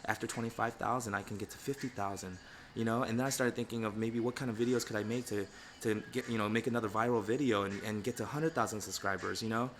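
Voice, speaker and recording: A man's voice: fairly low pitch, fairly even intonation, quick pace, slight background noise. A middle-aged man talking candidly and reflectively in a casual livestream, with lots of "you know" fillers. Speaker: pet groomer and channel host.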